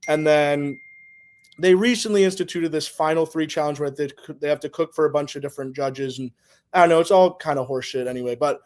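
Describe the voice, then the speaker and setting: A man's voice: a little high, a little fast. A man explaining things loosely in casual podcast chat, rambling with lots of fillers and the odd swear word.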